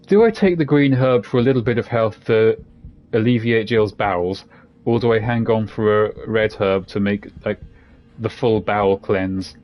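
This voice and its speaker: A game streamer offers casual, jokey let's-play commentary as he plays, rambling between asides. His voice is fairly low and darkish, and he takes an unhurried pace.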